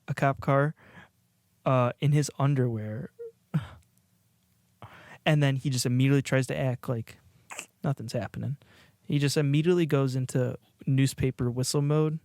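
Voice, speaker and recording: A man co-hosts a podcast in loose, casual chat, laughing often and restarting his sentences. His voice sits at a middling pitch. The recording is dry and close, with no room echo. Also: steady tone, normal speed, pauses often, a little mellow. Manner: rambling, laughing, many restarts. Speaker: podcast co-host. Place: indoors, watching a video while recording.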